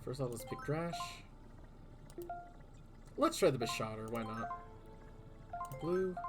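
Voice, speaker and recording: A man's voice: medium pitch, lively intonation, takes it slowly. A man giving live commentary while playing a video game, exclaiming, groaning and muttering at what happens on screen. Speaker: streamer. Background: game music.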